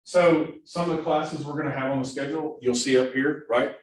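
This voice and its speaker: A productivity coach from Missouri with a Southern accent trains a class of new agents, energetically checking in with "right?" over and over. His voice is mid-range and brisk. The classroom is captured from far off in an echoey room with faint hiss.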